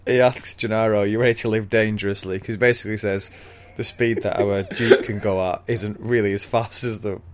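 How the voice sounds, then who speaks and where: Male co-host, low-pitched, easygoing narrator of plot with frequent laughter. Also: steady tone, fairly quick, few pauses, a little hiss or hum. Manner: laid-back storytelling with frequent laughs. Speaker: podcast co-host. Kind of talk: casual chat retelling a book.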